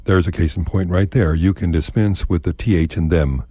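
Deep, dark-voiced man. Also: steady tone, husky, no room sound, clean studio sound. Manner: folksy, wry and unhurried. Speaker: radio storyteller. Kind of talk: scripted radio commentary.

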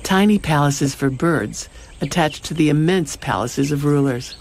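A woman radio presenter reading a scripted short feature in a measured, storytelling way. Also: sits low, a little mellow, a little hiss or hum. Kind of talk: scripted narration.

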